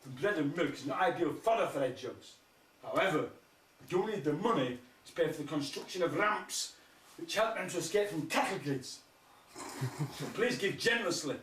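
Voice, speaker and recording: A man's voice: a little high, animated, moderate pace, a bit bright. A man doing rambling surreal stand-up, firing crude absurd one-liners and laughing at his own jokes. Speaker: stand-up comedian. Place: live music festival stage. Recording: echoey, distant mic, faint noise.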